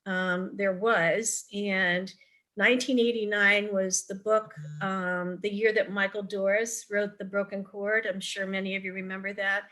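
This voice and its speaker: A woman's voice: mid-range voice, flat delivery, unhurried, sharp tone. A middle-aged woman speaking on a video call, a parent advocate giving advice in a chatty storytelling way, with frequent ums and restarts. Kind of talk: virtual forum talk, advice with anecdotes.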